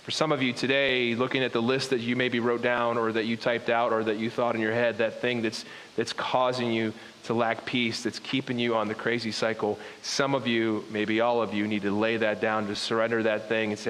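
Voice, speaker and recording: A man's voice: mid-range voice, level tone, moderate pace, hardly any pauses, fairly bright tone. A man preaching a sermon as pastor, earnest and repetitive, breaking off into asides now and then. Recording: long hall reverb with faint hiss.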